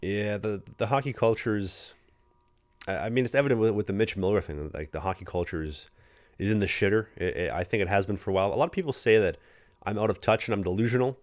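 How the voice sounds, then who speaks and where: This young man speaks fast in a lowish voice, a Canadian accent coloring his casual podcast chat. As a pro hockey rookie and co-host, he rambles through stories and does impressions of his teammates.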